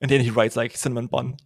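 A man chats on his podcast in a laid-back, joking way and swears freely. His voice sits at an ordinary pitch. The sound is dry and close, with no room around it. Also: expressive, a little fast, gravelly, husky, no room sound. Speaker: podcast host and author. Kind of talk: casual podcast chat.

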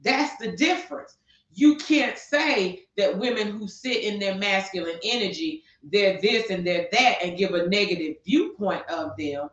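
An animated, mid-range female voice, a bit bright and unhurried, belongs to a podcast co-host in the middle of a passionate rant. She fires rhetorical questions during heated opinion talk on a talk show, recorded with distant, echoey, dull lo-fi sound.

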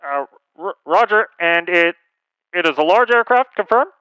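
Man voicing an air traffic controller, high, bright, very clear, clipped radio talk. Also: lively intonation, moderate pace, dull audio. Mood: curt. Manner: clipped, procedural radio phrasing. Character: male air traffic controller, curt and procedural. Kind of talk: comedic dramatic reading.

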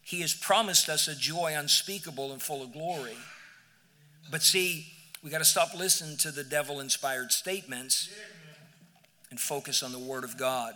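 A male pastor preaching a sermon in a church, emphatic, moving from near-shouts to hushed, quiet passages. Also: fairly high pitch, normal speed, in a large hall. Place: church sanctuary.

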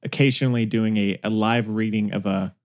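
A man's voice: fairly low pitch, fairly even intonation, fairly quick. A man hosting a film podcast in casual chat, easygoing and a little distracted, often restarting his words. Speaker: podcast host.

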